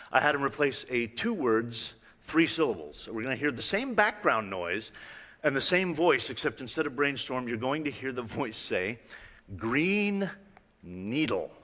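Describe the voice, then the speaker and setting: Male illusionist presenter, bright tone, chatty and playful with a live crowd, big reverberant hall. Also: mid-range voice. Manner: conversational, playful, asks the audience questions. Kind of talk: live stage talk with demonstrations. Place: large hall with live audience.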